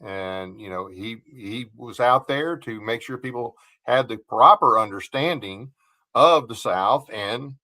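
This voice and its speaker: A man hosting a casual interview, speaking haltingly with many fillers. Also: mid-range voice, bright, forceful tone. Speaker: show host.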